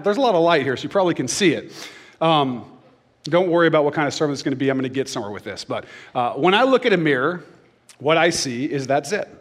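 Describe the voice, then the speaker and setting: Joking pastor in a reverberant church. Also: male voice, a little high. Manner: joking, conversational preaching. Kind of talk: sermon. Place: church stage.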